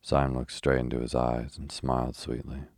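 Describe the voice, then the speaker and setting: Deep, gravelly male sleep narrator. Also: moderate pace, no room sound, studio quality. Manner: rhythmic, even. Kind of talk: sleep story reading.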